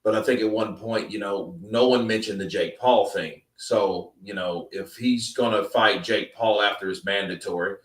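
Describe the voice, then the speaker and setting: A man's voice: fairly low pitch, normal speed, hardly any pauses, roomy sound, far from the mic. A man hosting a casual live stream, talking in a loose, rambling, slangy way. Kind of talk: casual chat.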